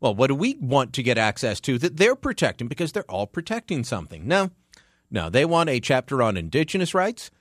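A man's voice: mid-range voice, very animated, brisk, dry recording, clean studio sound. A Canadian man hosting a talk radio show, delivering opinionated commentary with emphatic, sarcastic energy.

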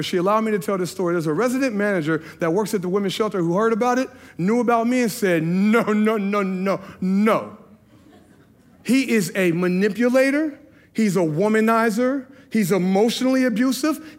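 Pastor, male, somewhat high voice, sincere personal testimony from the pulpit. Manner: earnest, confessional storytelling. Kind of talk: sermon testimony. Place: church service.

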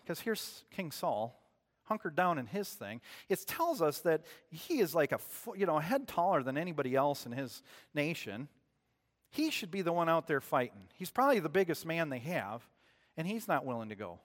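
A man preaching to his congregation in a casual, storytelling manner, stopping to ask them questions. His voice sits a little higher than most men's. The sound carries a long church reverb. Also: very animated, normal speed. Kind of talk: sermon.

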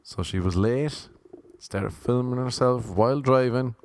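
A man's voice: medium pitch, measured pace, no echo, studio quality. A man hosting a solo podcast, telling casual, rambling stories with wry, self-deprecating humour. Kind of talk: casual solo storytelling monologue.

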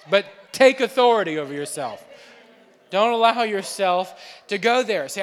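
A young adult man, a pastor, preaching an animated sermon with laughter and acted-out dialogue. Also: high voice, fairly quick. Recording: long hall reverb.

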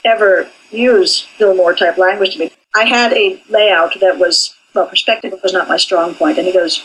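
A woman's voice: mid-range voice, normal speed, hardly any pauses, fairly bright tone, breathy edge, low-quality recording. An older woman, an animation professor, speaking candidly in an interview about her training. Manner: candid and forthright.

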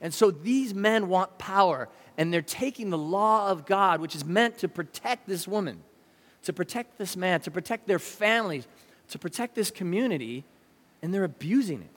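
A man preaching a sermon in a conversational, animated way, often putting questions to the listeners. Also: high-pitched, moderate pace. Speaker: pastor. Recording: long reverb of a large hall.

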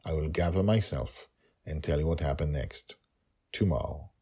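A man's voice: a bass voice, lively intonation, normal speed, darkish tone, husky. A man narrating a story and reflecting on it in an emotional, thoughtful way.

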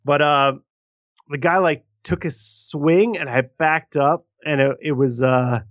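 Animated sweary podcast guy. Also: on the high side, slow, no echo. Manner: profane, animated storyteller. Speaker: podcast co-host. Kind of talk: casual chat.

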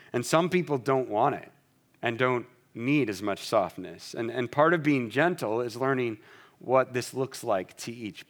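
Earnest man preaching with quick restarts. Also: medium pitch. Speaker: pastor. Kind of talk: sermon.

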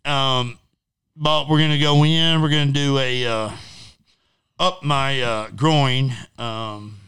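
A middle-aged man with a forceful, bright voice that comes through clean and resonant. He talks bluntly and swears freely. His story rambles along with plenty of fillers. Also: mid-range voice, fairly even intonation, takes it slowly, smooth. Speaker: interview guest. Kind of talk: casual storytelling.

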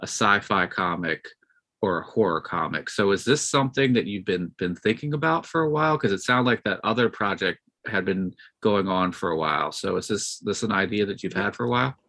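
Bright-voiced man hosting a podcast. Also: fairly low pitch, expressive, a little fast. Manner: friendly, prompting questions with fillers. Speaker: podcast host. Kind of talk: podcast interview.

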